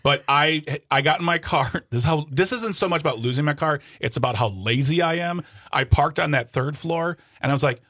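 A man's voice: on the high side, fairly quick, few pauses, sharp tone, no echo, clean studio sound. A man co-hosting a radio talk show, chatting casually and poking fun at himself. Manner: joking, self-deprecating. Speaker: radio co-host.

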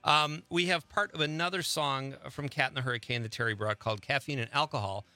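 A man hosting a radio show, chatting casually and joking deadpan with his guest. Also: medium pitch, fairly quick, no echo. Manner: joking, deadpan put-ons.

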